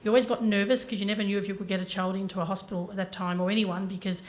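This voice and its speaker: Fast-talking woman telling a story. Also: medium pitch, little pitch movement. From Ireland. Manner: earnest, addresses audience directly. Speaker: conference speaker. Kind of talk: motivational storytelling talk.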